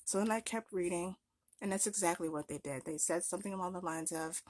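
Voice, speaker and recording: A woman's voice: on the low side, a little fast, no room sound, clean studio sound. A young woman vlogger ranting in an exasperated, sarcastic, emphatic way. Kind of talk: ranting commentary vlog.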